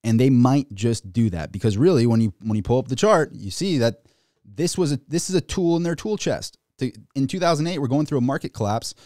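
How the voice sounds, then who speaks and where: A man hosting a casual livestream and ranting about the markets, excitable and rambling, with many restarts. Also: mid-range voice, fairly quick, dry recording, studio quality. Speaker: finance YouTuber.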